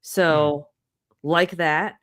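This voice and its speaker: A woman's voice: low voice, fairly even intonation, drawn-out words, a bit bright. A woman panelist giving laid-back, candid commentary on a casual livestream.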